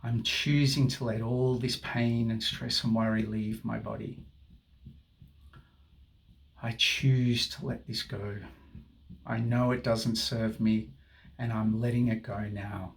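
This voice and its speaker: Slow, gravelly man leading affirmations. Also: on the low side, little pitch movement. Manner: slow, repetitive affirmations for viewers to repeat. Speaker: tapping guide. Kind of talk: guided tapping session.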